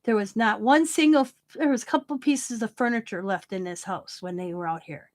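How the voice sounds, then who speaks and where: A middle-aged woman telling a long story with blunt, animated delivery and casual swearing. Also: medium pitch, brisk. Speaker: craft channel host. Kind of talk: casual storytelling while crafting.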